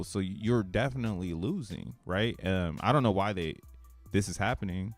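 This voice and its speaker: A man with a low-pitched voice rambles through casual, slangy crypto commentary on a live stream, swearing and getting excited as he goes. His voice is close and dry, with faint music under it. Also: moderate pace, dry recording. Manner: profane, excitable, slangy, thinking aloud.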